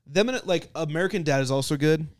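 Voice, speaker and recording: Relaxed young man, rambling podcast chat. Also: fairly high pitch, fast talker, dry recording. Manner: relaxed, rambling, lots of fillers and swearing. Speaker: podcast co-host. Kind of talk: casual chat.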